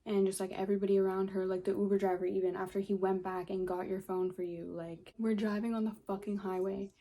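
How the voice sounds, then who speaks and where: A fast-talking young woman with a warm, mid-range voice and level tone vlogs about something that exasperates her. Her casual storytelling is full of swearing and the word "like."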